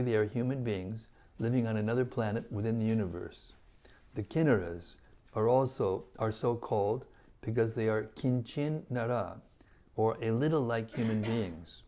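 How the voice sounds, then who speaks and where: Man, scripture reader, mellow voice, deliberate measured reading, mid pitch. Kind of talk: reading scripture aloud to listeners.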